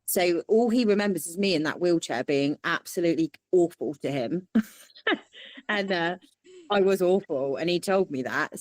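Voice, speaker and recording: Candid woman, low and dry. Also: no echo. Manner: animated, quotes people in lively voices. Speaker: interview guest. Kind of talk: candid storytelling.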